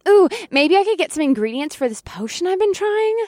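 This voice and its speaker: Dude doing a spacey young witch lady, airy high voice, kinda drifty. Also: big pitch swings, a little fast, darkish tone, dry recording, studio quality. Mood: musing. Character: dreamy distracted young potion-making witch.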